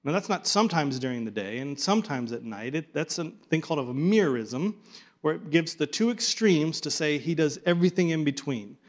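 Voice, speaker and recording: A man teaches a Bible study class to a live group, animated, coaxing the group to join in and often repeating and restarting his words. His voice is on the high side and brisk.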